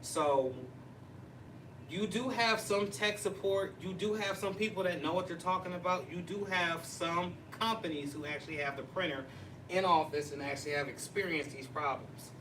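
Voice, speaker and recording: Excitable male livestream host, slightly high voice, casual teasing chatter; distant, noisy recording. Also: moderate pace. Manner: chatty and excitable, laughs and teases. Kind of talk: casual live chat. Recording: distant mic with noisy background.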